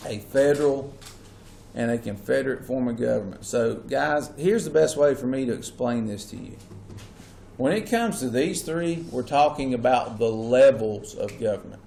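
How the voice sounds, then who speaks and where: A man's voice: medium pitch, vocal fry, darkish tone. Man lecturing a class. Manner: checks in with students often. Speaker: teacher. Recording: echoey classroom with faint hum.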